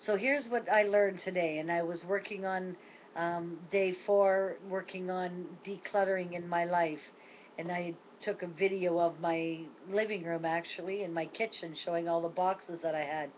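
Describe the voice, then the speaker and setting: A woman's voice: fairly low pitch, fairly even intonation, normal speed. An older woman telling a personal story in an earnest, reflective video diary at home. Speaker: vlogger. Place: home at night. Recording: dull lo-fi with faint noise.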